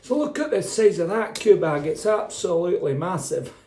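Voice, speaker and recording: A man's voice: sits high, lively intonation, moderate pace, darkish tone. A man chatting through a home cooking vlog, rambling and cheerful, laughing often and swearing freely. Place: home kitchen. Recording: roomy kitchen echo with faint noise.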